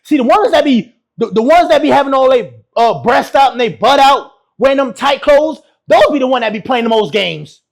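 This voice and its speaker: A man's voice: very high voice, lively intonation, normal speed, vocal fry. A man giving brash, mocking reaction commentary. He laughs often and keeps repeating his insults. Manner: laughs often while talking. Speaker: YouTube relationship commentator.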